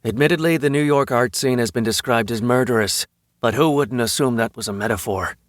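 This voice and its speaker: A man voicing a huge, easygoing vampire husband in an audiobook, with casual, deadpan quips. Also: mid-range voice, a little fast, no echo, clean studio sound, natural voice.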